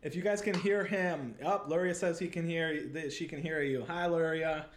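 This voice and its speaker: A man's voice: on the high side, steady tone, normal speed, a crowd in the background. A man hosting a casual livestream, chatty and upbeat, talking to viewers over a webcam. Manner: upbeat, chatty, many fillers. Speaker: livestream host. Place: Santa Monica, Los Angeles.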